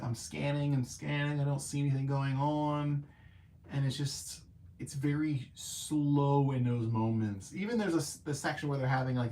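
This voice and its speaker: A man hosting a casual live-stream movie review, chatty and animated, with lots of filler words and playful self-mocking asides. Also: medium pitch, slight background noise.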